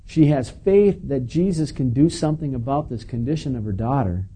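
A man's voice: mid-range voice, moderate pace, warm tone, breathy edge, poor audio. A man preaching a conversational sermon, reading scripture and adding casual asides to his listeners. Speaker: pastor. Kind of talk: sermon teaching.

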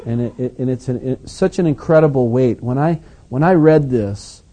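A male pastor delivering an animated, emphatic sermon with conversational asides. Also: mid-range voice, normal speed.

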